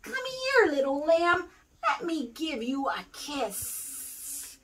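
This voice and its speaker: A woman voicing a lying, evil male snake from a children's storybook, slow, hushed and coaxing. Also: high voice, very animated, recorded from a distance, a little hiss or hum, heavily acted.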